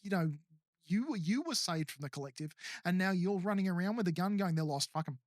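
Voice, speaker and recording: A man's voice: sits high, fairly quick, no echo, studio quality. A man co-hosting a podcast in casual chat, rambling with lots of fillers. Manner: rambling, filler-heavy, laughs often. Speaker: podcast co-host.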